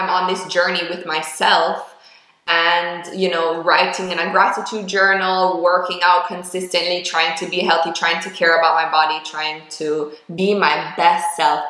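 Jamaican woman vlogger, playful chat with patois asides, crisp bright tone, roomy echo. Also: medium pitch. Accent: Jamaican, shifting toward American. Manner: playful, chatty, drops into patois phrases. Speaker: actress and content creator. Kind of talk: casual to-camera vlog. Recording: echoey room.

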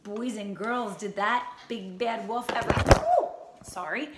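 A woman who teaches first grade, reading a picture book aloud to her class in a slow, expressive storybook manner. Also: mid-range voice. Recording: roomy echo, faint ambient noise.

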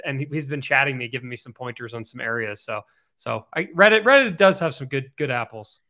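Bright-voiced chatty man on a podcast. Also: mid-range voice, a little fast. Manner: rambling, chatty storyteller. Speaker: podcast co-host. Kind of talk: casual podcast chat.

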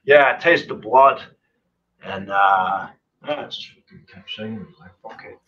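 The singer of a punk band, speaking in a lowish, fairly bright voice at an unhurried pace, tells road stories as an interview guest over a remote live stream call. He rambles, swears constantly, and leans on lots of fillers. The recording sounds muffled.

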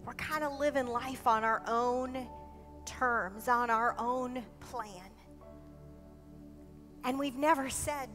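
Brief: woman pastor, high voice, earnest sermon delivery with soft-to-loud swings, faint music behind. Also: steady tone, slow, long pauses. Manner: earnest, emphatic, swinging between quiet and loud. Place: church service.

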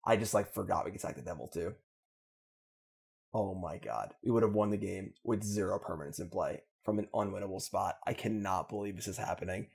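Low, gravelly male host for casual card game commentary, slightly husky, theatrical in his gloom. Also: animated, a little fast, darkish tone. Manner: mock-dramatic self-pity, then upbeat wrap-up. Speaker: Magic gameplay video host.

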